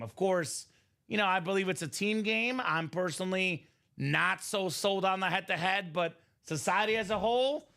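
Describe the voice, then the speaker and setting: A man hosting a live card-break stream, chatting casually and pitching breaks with lots of filler words. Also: normal speed, vocal fry, sharp tone. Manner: upbeat, chatty, salesy, many "uh" fillers. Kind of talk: casual sales chat on a livestream.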